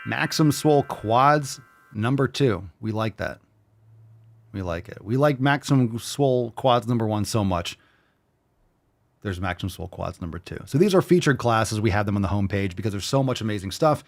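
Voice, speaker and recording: A man's voice: on the low side, very animated, normal speed, fairly bright tone, soft background music. Brash, profane male fitness host. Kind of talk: casual livestream chat.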